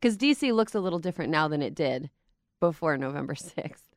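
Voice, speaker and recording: A woman's voice: low voice, animated, a little fast, no room sound, clean studio sound. A young adult woman hosting a podcast panel, chatting casually and rambling with restarts. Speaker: podcast host.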